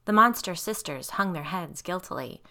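A woman narrating a scary children's story in an expressive storytelling style. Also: on the low side, moderate pace, creaky.

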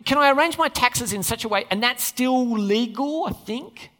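A pastor with a very high-pitched, sharp-toned voice preaches conversationally to his church at a moderate pace, often putting questions to his listeners. Long hall reverb fills the recording.

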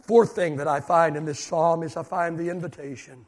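An older man preaching a sermon as pastor, repeating phrases emphatically and swinging from shouts down to hushed asides. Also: on the high side, steady tone, moderate pace.

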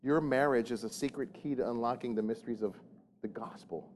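A man's voice: medium pitch, brisk, slight background noise. A man preaching a sermon to his congregation in a casual, joking way, often restarting and repeating words. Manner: conversational, jokey, frequent restarts and repeated words. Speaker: pastor.

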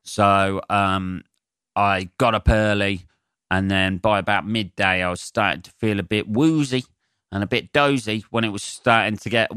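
A man's voice: fairly low pitch, fairly bright tone, clean tone, no room sound, clean studio sound. A man with a stuffy, bunged-up nose, a comedian rambling through a solo podcast in a sweary, sardonic, self-mocking way. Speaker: stand-up comedian hosting a podcast.

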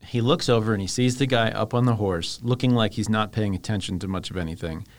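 A man's voice: fairly low pitch, fast. Casual male co-host from Virginia, wry and exasperated humor, conversational. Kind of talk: casual book discussion.

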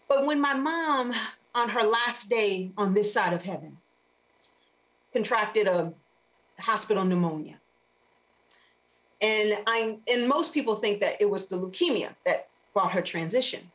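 A woman author, a guest on an interview show, telling a faith-filled personal story in an animated, expressive way. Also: mid-range voice, unhurried, long pauses, poor audio.

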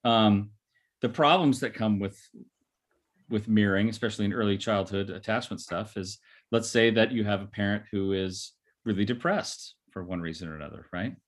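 A fairly low-pitched male therapist talks through an idea at an easy podcast pace. He keeps checking in with listeners using "right?" and "you know". He slips into the voices of the people he describes. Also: moderate pace. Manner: acts out quoted voices. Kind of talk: explanatory podcast talk.

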